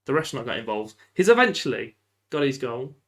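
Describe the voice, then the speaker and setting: A man giving lively, casual commentary while playing a football management game, often shouting at the referee and laughing. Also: medium pitch, a little fast. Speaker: gaming YouTuber.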